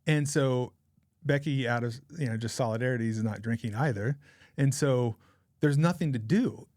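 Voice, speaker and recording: Man in his forties, mid-pitched voice, rambling casual storyteller, dry close sound. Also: normal speed, a little mellow, no echo. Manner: rambling, chatty anecdote-telling with frequent laughs. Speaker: podcast guest.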